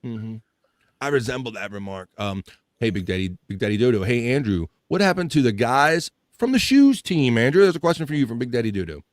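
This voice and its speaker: A man's voice: mid-range voice, very animated, brisk, no room sound, studio quality. A man hosting a casual livestream, joking loosely and reading viewer comments aloud. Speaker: livestream host.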